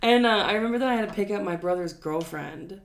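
A woman's voice: medium pitch, fast talker. A young woman, a podcast co-host telling stories in casual chat, loose and profane, often laughing.

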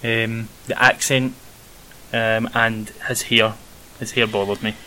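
Bright-voiced Scottish man. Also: on the low side, flat delivery, slow pace, low-quality recording. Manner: rambling, hesitant, many ums. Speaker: podcast co-host. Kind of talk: casual film review chat. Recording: faint hiss.

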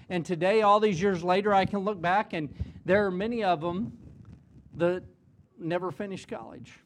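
A man's voice: high-pitched, slight background noise. A man, middle-aged or older, preaching an earnest chapel sermon to students, often repeating a word as he starts a phrase. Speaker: college president preaching in chapel. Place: chapel service before students.

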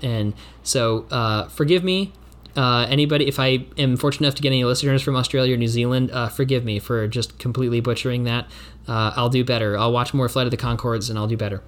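A man from the United States narrating and thinking aloud through a solo tabletop game, with many fillers and restarts. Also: medium pitch.

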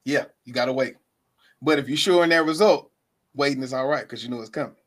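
A man's voice: medium pitch, fast. A man hosting a podcast interview, backing up his guest with encouraging words and steering the chat along. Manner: encouraging affirmations, relaxed. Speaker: podcast host.

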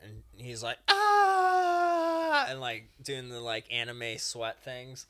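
A man's voice: mid-range voice, little pitch movement, unhurried, pushed and bright, smooth. A man co-hosting a podcast in casual chat, rambling through a story and acting out characters in passing. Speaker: podcast co-host.

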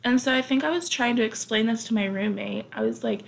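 A woman's voice: fairly high pitch, a little fast, creaky. A young American woman hosting her own podcast, telling stories in a chatty, rambling way with lots of fillers and asides. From United States. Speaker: podcast host. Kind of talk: casual storytelling.

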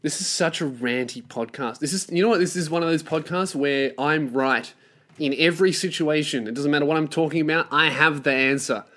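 Solo podcast host, male, young, ranty and profane, pitch a bit high. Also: brisk, pushed and bright. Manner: profane, ranting, acts out mocking quoted voices.

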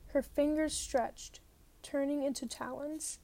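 A woman reading a novel aloud, telling it in a lively first-person way. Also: high-pitched, a little slow, long pauses. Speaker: reader.

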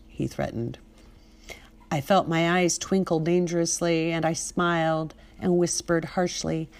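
A middle-aged woman narrating her own memoir with intensity, building to loud, emphatic outbursts. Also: lowish voice, flat delivery, measured pace. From United States. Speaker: memoir narrator and podcast host. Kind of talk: dramatic memoir reading.

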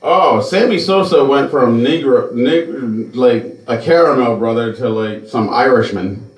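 A man's voice: mid-range voice, a little slow, reverberant, rough recording. A man hosting a podcast, telling a story in a casual, profane way. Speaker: podcast host.

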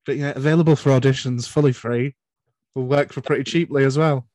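A man's voice: mid-range voice, steady tone, brisk, darkish tone, no echo. A man with a northern English accent hosting a podcast, joking around between short interjections. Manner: jokey, short backchannels. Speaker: podcast host. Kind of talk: casual chat.

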